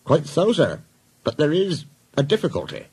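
A dutiful railway inspector, formal and deferential, in a slightly raised, husky voice, as a man puts him on. He keeps his answers tidy and respectful. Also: on the high side, wildly swooping pitch, moderate pace, a little mellow, voice pushed up, exaggerated voice.

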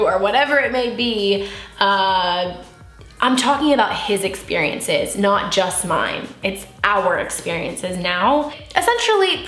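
A woman's voice: mid-range voice, a bit bright. A woman in her twenties chatting candidly and emotionally while doing her makeup for a vlog. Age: 20s. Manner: candid, giggly, emotional and open. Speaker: beauty vlogger. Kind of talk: casual get-ready-with-me chat. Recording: echoey room with faint music.

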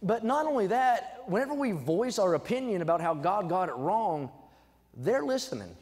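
A young adult man preaching a sermon, swinging from quiet asides to loud, emphatic exhortation. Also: sits high, big pitch swings, moderate pace. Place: church sanctuary. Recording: church sanctuary with long reverb.

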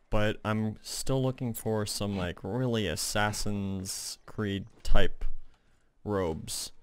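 A man's voice: lowish voice, clear, resonant tone. A man casually commentating while playing a video game, chatty and rambling with fillers. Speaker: gaming channel host. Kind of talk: casual let's-play commentary.

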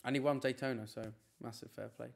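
A man with a medium-pitched, somewhat creaky voice and fairly even intonation chats casually on a live stream. He reads his chat aloud and answers questions in a relaxed way, staying talkative and quickly shrugging off any teasing.

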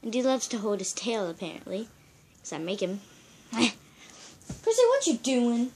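An excitable woman chatting to the camera at home, her high voice swooping up and down as she giggles and coaxes her pet. A faint hiss runs under the home recording. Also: a little slow. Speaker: vlogger. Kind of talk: casual home vlog. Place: at home, indoors.

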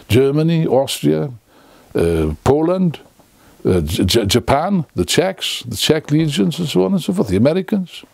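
A man's voice: fairly high pitch, creaky, a little mellow, no room sound. An older man giving an impassioned, unscripted lecture to camera, full of sarcastic asides and restarts, close on the mic. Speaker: political speaker.

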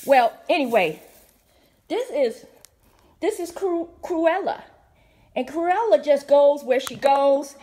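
Hoarse middle-aged woman host, campy and playful, high, swooping, bright voice. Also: animated, takes it slowly, long pauses. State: hoarse from a sore throat. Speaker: show host. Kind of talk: casual chat to camera.

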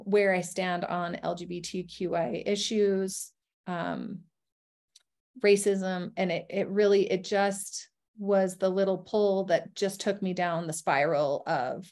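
A woman's voice: fairly low pitch, a little mellow. A woman telling her own life story as a guest, speaking candidly and earnestly, with frequent ums and restarts. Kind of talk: personal testimony.

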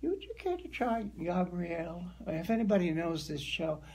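An older woman from the American Midwest, a guest actress telling animated stories in a conversational interview. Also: on the low side, moderate pace, vocal fry. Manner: storytelling, animated.

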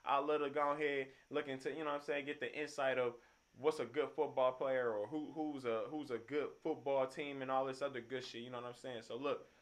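A man's voice: mid-range voice, a bit bright. A young man hosting a music reaction video, talking loosely in with lots of slang and fillers. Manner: laid-back, loose slang and frequent fillers. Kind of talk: casual reaction commentary.

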